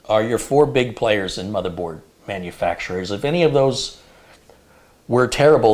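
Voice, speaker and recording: A man from the United States hosting a live tech stream, chatting casually and telling long rambling stories. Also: mid-range voice. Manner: rambling anecdotal storyteller.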